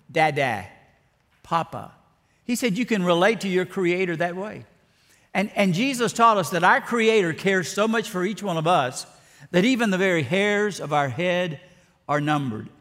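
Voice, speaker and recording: A man's voice: high-pitched, a bit bright. A man preaching a sermon with dramatic emphasis and repeated words. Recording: long reverb of a large hall.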